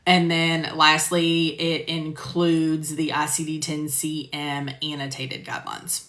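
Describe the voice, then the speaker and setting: A woman's voice: low-pitched, little pitch movement, slow pace, fairly bright tone. A woman teaching medical coding, chatting casually on a live stream and answering viewers by name with lots of fillers. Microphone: phone or computer mic on a live stream. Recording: roomy echo.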